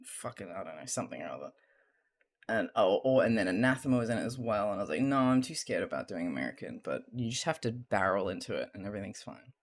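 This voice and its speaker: An excitable streamer gushes about a story in casual chat, swearing freely. The voice swings animatedly up and down in pitch. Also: fast.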